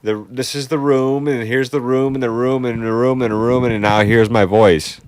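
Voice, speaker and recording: A man's voice: medium pitch, fairly even intonation, moderate pace, clean tone, no room sound. A man co-hosting a call-in talk show, laid-back, explaining audio issues in casual chat.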